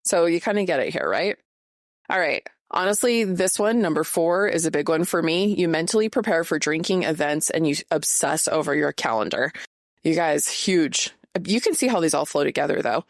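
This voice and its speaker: Heard in clean studio quality with no room sound, this low-voiced podcast host is a woman in her late thirties. She chats on her own, candid and casual, with lots of fillers.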